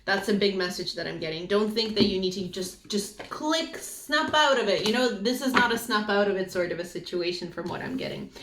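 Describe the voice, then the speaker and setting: A woman's voice: mid-range voice, expressive, brisk, hardly any pauses, noisy background. A woman giving an intuitive card reading to her viewers, earnest and emotional, rambling with many fillers. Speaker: tarot reader. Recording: echoey room.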